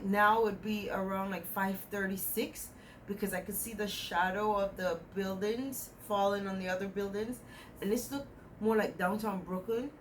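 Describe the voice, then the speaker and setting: Young adult woman, mid-range pitch, casual rambling dream-recounting, light background noise. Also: low-quality recording. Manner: rambling, animated retelling with quoted dialogue. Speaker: dream vlogger. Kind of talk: casual storytelling about a dream.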